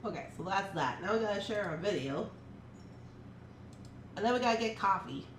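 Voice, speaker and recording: A woman's voice: mid-range voice, expressive, normal speed, recorded from a distance. A woman hosting a casual morning livestream, chatting to viewers and muttering to herself while she works. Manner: talks to herself while working, muttering and laughing. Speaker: livestream host. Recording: roomy echo, faint background hum.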